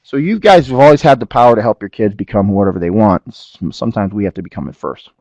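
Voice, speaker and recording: A man's voice: on the low side, quick pace, no room sound, dull audio. A middle-aged man giving a business webinar, telling a family story and often asking the audience whether it makes sense. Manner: animated storyteller, asks the audience to agree. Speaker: webinar presenter.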